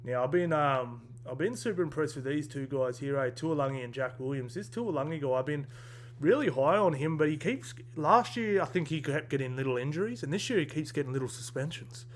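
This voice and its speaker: A man's voice: fairly high pitch, expressive, fairly quick, slight background noise. A man, rambling casually through a rugby league round recap with lots of fillers and asides. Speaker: sports tipping vlogger.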